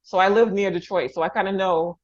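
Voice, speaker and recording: A woman's voice: mid-range voice, fairly even intonation, brisk, lo-fi sound. A woman from the Bronx hosting a podcast interview over a video call, talking effusively, laughing through tears and restarting her sentences often. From New York, the Bronx. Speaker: podcast host. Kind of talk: emotional interview conversation.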